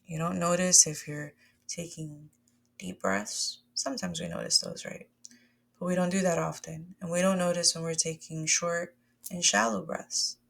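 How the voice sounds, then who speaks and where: A woman with a lowish, gravelly voice guides a breathwork lesson. She talks to her listeners in a friendly, conversational way, calling them "y'all" and "my loves" as she coaches them through each breath. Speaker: somatic wellness coach.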